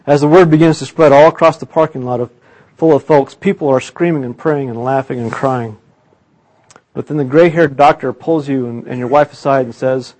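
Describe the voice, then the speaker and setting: Male pastor telling a sermon illustration with mid-range pitch and dramatic volume swings between loud and hushed. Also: brisk. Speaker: preacher.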